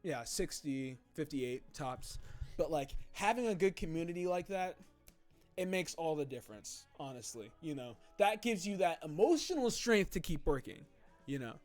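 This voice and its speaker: With soft music playing in the background, a man hosts a livestream at normal speed, casually chatting and reading comments from viewers in easygoing slang while his pitch varies in lively swings.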